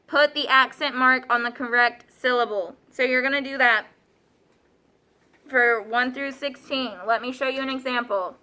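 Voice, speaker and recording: A woman's voice: high voice, fairly even intonation, moderate pace, sharp tone. A woman teacher giving patient classroom instructions, often checking in with her students.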